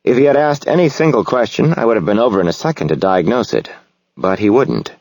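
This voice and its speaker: A man narrating a novel in the first person, reflective and measured. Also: on the low side, lively intonation, a little mellow, no echo, lo-fi sound. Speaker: audiobook narrator.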